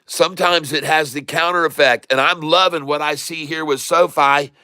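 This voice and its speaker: A man hosting a casual stock trading livestream, folksy and excitable, chatting to viewers while he trades. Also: fairly high pitch, normal speed, clear, resonant tone, no echo, studio quality. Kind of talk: casual live market commentary.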